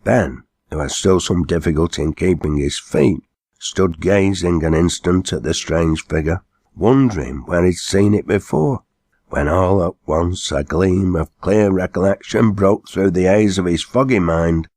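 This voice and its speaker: A man narrating an old dialect story, reading it aloud in a steady storytelling way. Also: low voice, measured pace, no echo, studio quality.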